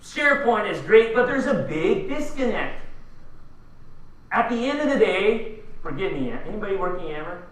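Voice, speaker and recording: A man's voice: high voice, big pitch swings, moderate pace, a bit bright, distant mic. A man from the Philippines giving a punchy conference keynote, firing rhetorical questions at the audience. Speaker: keynote speaker. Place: large conference hall. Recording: echoey hall, voice from afar.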